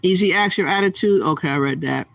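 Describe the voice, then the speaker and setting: A man hosting a casual livestream from his phone, reading viewer comments aloud in a relaxed way with fillers. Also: high-pitched, fast talker, creaky, no room sound. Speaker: livestream host.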